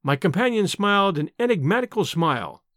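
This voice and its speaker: A male narrator reading a classic novel aloud in clear, measured scripted narration. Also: sits high, very animated, fairly bright tone, dry recording, clean studio sound. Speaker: audiobook narrator.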